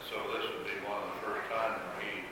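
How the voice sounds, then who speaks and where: A man's voice: lowish voice, level tone, fast talker. A man in a church study group, thinking aloud and asking hesitant questions. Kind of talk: casual group Bible study. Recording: distant voice in an echoey hall with room noise.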